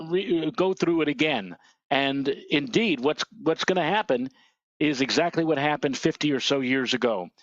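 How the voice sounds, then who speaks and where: A man with a somewhat high voice rants indignantly during casual weather-show chat. He pushes his points hard and emphatically. The sound is dull, dry and lo-fi. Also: dry recording.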